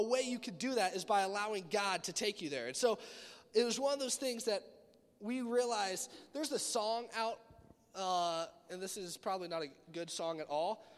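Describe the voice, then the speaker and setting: A young man with a high-pitched voice preaches to a youth group. His storytelling is animated and swings between loud bursts and quiet asides. His voice rings with a long reverb in a big hall. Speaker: youth pastor. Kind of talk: sermon.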